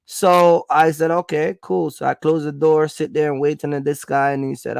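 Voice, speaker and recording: Jamaican man, livestreamer at home, a bit high and gravelly, rambling with fillers, stern when warning viewers. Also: level tone, normal speed, hardly any pauses, dry recording, clean studio sound. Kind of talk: casual storytelling on a livestream.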